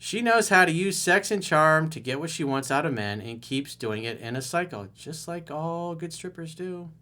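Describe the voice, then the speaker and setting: A man's voice: a little high, expressive, moderate pace, bright, forceful tone. A middle-aged man coaching on relationships, reading out a viewer's email and answering it with blunt, mocking sarcasm. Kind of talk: solo video commentary reading a viewer email.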